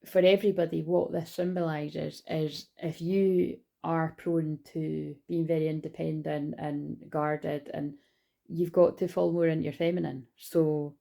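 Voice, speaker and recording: Rambling Scottish woman, gravelly and low. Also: level tone, a little slow, mellow. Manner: rambling, chatty, swears casually. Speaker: spiritual card reader. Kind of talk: casual card-reading vlog.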